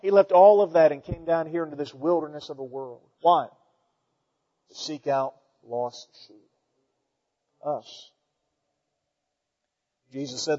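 High-voiced preacher in a reverberant hall. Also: male voice, steady tone, takes it slowly, long pauses, dull audio. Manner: storytelling, swings from loud emphatic peaks to quiet asides. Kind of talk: sermon.

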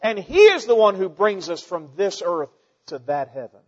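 A man preaching a sermon, telling stories and swinging between loud emphatic peaks and quiet asides. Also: high-pitched, very animated, moderate pace, in a large hall, muffled recording.

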